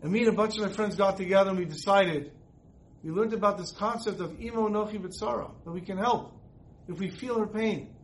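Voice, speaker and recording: Man doing a sincere teen girl, high voice, plain and earnest. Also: brisk, low-quality recording.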